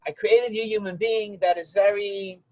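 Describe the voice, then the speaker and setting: A man's voice: high voice, fairly even intonation, normal speed, darkish tone, no room sound, highs cut off, close to an everyday voice. A man voicing God as a kindly, easygoing male creator who hands out tasks in a folk tale. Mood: generous. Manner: easygoing, bargaining tone.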